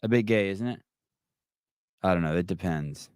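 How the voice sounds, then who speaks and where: A man's voice: sits low, normal speed, a little mellow, clean tone, dry recording, clean studio sound. A middle-aged man hosting a live call-in podcast, brash, mocking and profane in casual chat. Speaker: podcast host.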